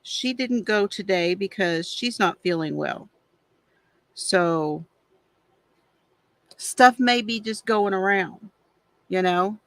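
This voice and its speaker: A woman's voice: medium pitch, slow, pauses often, no echo. A middle-aged woman hosting a craft livestream, chatting casually and confidingly while she colors, with frequent sighs. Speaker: craft channel host.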